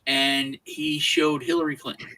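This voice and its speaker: An American man with a voice on the high side speaks unhurriedly as co-host of a casual podcast, in a low-quality recording. He's an animated storyteller whose stories are full of restarts and repeated words.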